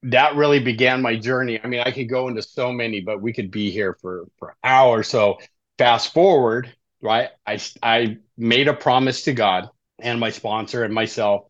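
A man's voice: medium pitch, fairly even intonation, normal speed, a bit bright, highs cut off. A middle-aged man, a podcast guest, tells his story in a casual, conversational way and often ends sentences with "right?". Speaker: podcast guest, life coach in recovery.

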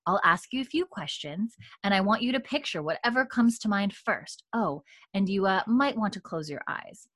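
A woman voicing a poised young woman who is calm and cryptic, in a measured, softly theatrical delivery. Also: medium pitch, dry recording.

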